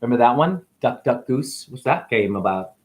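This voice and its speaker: A man's voice: medium pitch, animated, moderate pace. A man acting as a spiritual teacher, talking through a rambling monologue with free-associating wordplay and musing asides.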